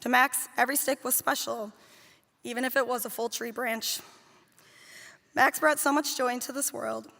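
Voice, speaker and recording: The nanny's eulogy for two children in her care is read aloud in a large theater hall, its long reverb trailing her words. Her high-ish voice is gravelly, bright, and forceful, with fairly even intonation, a moderate pace, and frequent pauses. Her storytelling is heartfelt, tender, and fond.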